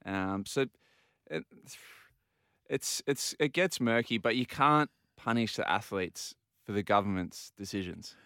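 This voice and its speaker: Low, smooth radio co-host. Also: male voice, a little slow, bright, forceful tone, dry recording, clean studio sound. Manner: talkative, tells stories, acts out quotes. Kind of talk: casual radio chat. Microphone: studio microphone.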